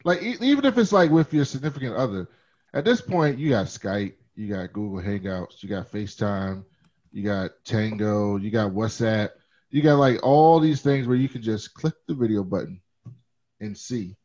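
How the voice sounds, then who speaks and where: A man's voice: on the low side, expressive, moderate pace, a little mellow. A man co-hosting a podcast, talking casually and digressively about a movie, swearing now and then. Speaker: podcast co-host. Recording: dull lo-fi sound.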